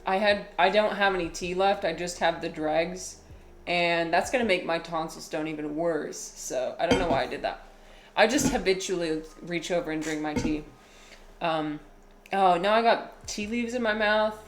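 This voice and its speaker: A woman streamer and English teacher chatting casually and rambling on a live stream, with many fillers and an often flat, low-key delivery. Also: moderate pace. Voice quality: usually flat and low-key, by her own account.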